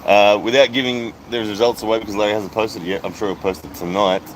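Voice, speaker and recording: A man's voice: lowish voice, steady tone, fast talker, slight background noise, low-quality recording. A man hosting a casual livestream, reading out viewer comments as he chats. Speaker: livestream host. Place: outdoors at a hotel poolside.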